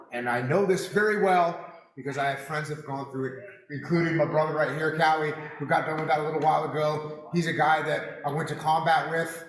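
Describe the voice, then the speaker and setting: A man giving a direct, brisk thank-you message. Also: fairly high pitch, roomy sound, poor audio. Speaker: guest giving a video message.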